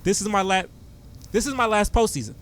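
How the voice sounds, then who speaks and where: A young man hosting a podcast, telling sports stories in an excitable, animated way. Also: sits high, fairly quick, slight background noise. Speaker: podcast host. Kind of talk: casual sports chat.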